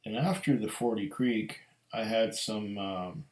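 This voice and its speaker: A middle-aged man talks through a whiskey tasting at an unhurried crawl, his voice sitting a little low. He muses aloud and drifts into stories between sips. His voice bounces around a roomy, echoing space. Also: darkish tone. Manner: slow, musing, storytelling. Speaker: whiskey reviewer. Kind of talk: casual tasting review. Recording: echoey room.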